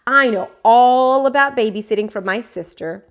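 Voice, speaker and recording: A woman reading aloud, voicing a bossy know-it-all fourth-grade girl who pushes and pleads loudly. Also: fairly high pitch, moderate pace, clear, resonant tone, lightly acted. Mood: pleading. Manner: pushy, pleading, loud.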